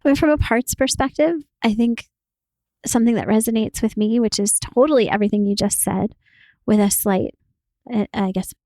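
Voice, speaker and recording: A woman with a somewhat high voice co-hosts a casual podcast. She talks in an animated way, laughs often, and sounds close and dry on the mic. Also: moderate pace, no room sound. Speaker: podcast co-host.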